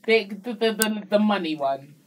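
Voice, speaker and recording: A woman's voice: medium pitch, moderate pace. A woman hosting a casual podcast chat. She tells stories with lots of energy and laughs often. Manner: animated storyteller, laughs often. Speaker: podcast host. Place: recording studio.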